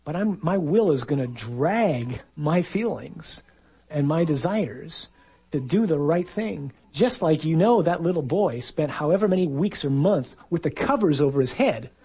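A man's voice: on the high side, lively intonation, measured pace, a little mellow, husky, poor audio. A man, a priest, giving a conversational sermon and acting out the voices he quotes.

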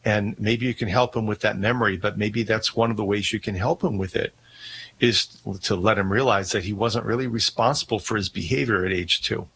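Male radio host, calm explanatory delivery, faint background noise. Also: lowish voice, fairly quick. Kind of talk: talk radio.

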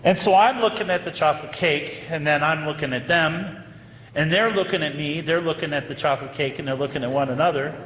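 Priest preaching, animated storytelling, fairly high voice, echoey hall reverb. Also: male voice, brisk, slight background noise. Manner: animated storyteller, building to emphatic peaks. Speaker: associate pastor. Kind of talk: sermon storytelling. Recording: roomy hall reverb with faint ambience.

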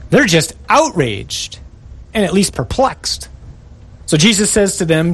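Man, preacher, sermon, emphatic, rhetorical questions, slightly high voice. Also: lively intonation, moderate pace.

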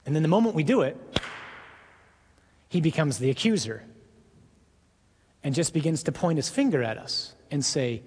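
Male preacher, earnest sermon, husky voice, long reverb. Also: a little high, animated, darkish tone. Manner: earnest, emphatic, with pauses.

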